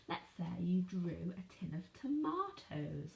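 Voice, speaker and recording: A woman teaches phonics to young children over video. She speaks slowly and clearly, spells words out letter by letter, and keeps checking in with questions. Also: fairly low pitch, big pitch swings, a little mellow, slight background noise. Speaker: primary school teacher. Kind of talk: online phonics lesson for children.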